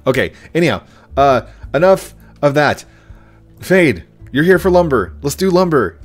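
A man's voice: on the high side, big pitch swings, a little slow, soft background music. A man chatting casually and rambling while he plays a game, easily distracted. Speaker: gaming YouTuber. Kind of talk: casual gameplay commentary.

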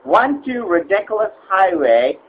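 A man's voice: high-pitched, very animated, a little slow, narrow, tinny audio, a little hiss or hum. A man voicing an impatient, rude male customer in a comedy sketch, exasperated and blunt, spelling letters out insistently.

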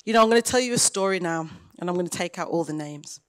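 A woman pastor, preaching a sermon in a conversational way and retelling dialogue with lively emphasis. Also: fairly low pitch, quick pace.

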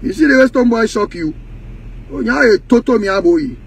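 A man's voice: very high voice, animated, a little fast, vocal fry, breathy edge. A man from Ghana with a Ghanaian Pidgin English accent, delivering a heated, mocking rant that slips into sing-song taunting chants. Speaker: music industry commentator.

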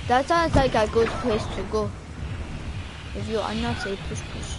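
A woman's voice: a little high, moderate pace, background noise, close to an everyday voice. A woman putting on a rambling put-on African accent. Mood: bossy. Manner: commanding, rambling, silly. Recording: game music clearly behind.

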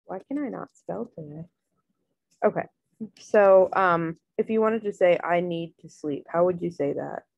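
A woman tutoring Spanish in a casual online lesson, loose and relaxed, full of "um" and "like". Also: lowish voice, a little slow, vocal fry, dry recording, muffled recording. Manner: relaxed, filler-heavy, many "um" and "like".

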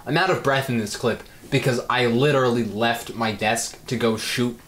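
A man's voice: medium pitch, steady tone, moderate pace, fairly bright tone, slight background noise. A young man in his late teens giving a dry, self-mocking reaction commentary with sarcastic asides. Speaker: video creator.

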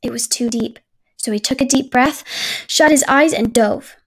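Woman reading a storybook aloud, gravelly. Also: on the high side, moderate pace. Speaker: children's book reader.

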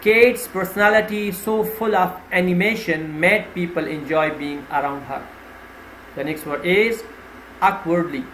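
A man teaching vocabulary, reading out each word with its meaning and an example sentence in a slow, deliberate way, pointing out which syllable to stress. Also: sits high, a bit bright. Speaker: English teacher. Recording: roomy with faint ambient noise.

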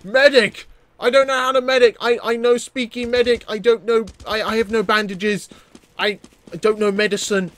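A young man giving casual, jokey commentary while playing a shooter game, excitable and often stammering over his words. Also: sits high, moderate pace. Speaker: gaming YouTuber.

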